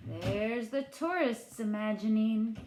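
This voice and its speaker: A woman teacher reading a picture book aloud to children, asking gentle questions and putting on playful voices for the characters. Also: on the high side, lively intonation, slow pace, reverberant, background noise. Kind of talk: children's read-aloud lesson.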